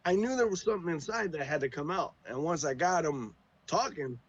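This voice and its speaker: Man, podcast guest, husky, raised pitch, profane, teasing, casual chat. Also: animated, fairly quick, no echo, dull audio. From United States.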